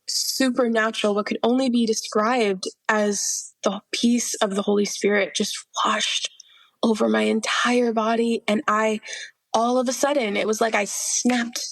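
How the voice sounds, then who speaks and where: Creaky-voiced young woman telling her testimony. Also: on the high side, fairly even intonation, unhurried, dry recording. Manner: earnest storytelling, quoting herself, laughing through hard memories. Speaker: podcast guest. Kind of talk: personal faith testimony.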